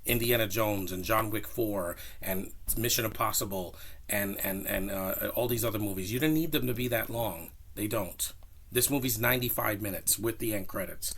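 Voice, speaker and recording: A man with a slightly low voice talks through a film review in a loose, casual way. He rambles, restarts, and gets animated when he pushes his opinions. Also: normal speed, breathy edge. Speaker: movie reviewer.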